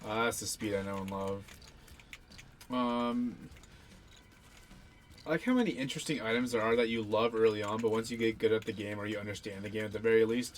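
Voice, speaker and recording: A man's voice: lowish voice, slight background noise. A young man casually talking through his own gameplay, rambling and self-deprecating, swearing now and then. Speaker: gaming channel host.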